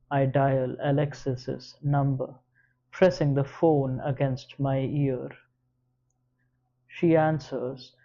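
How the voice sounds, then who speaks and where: A man reads first-person audiobook narration at a slow, measured pace. His voice is mellow and dark, and the recording sounds somewhat dull and lo-fi. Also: mid-range voice.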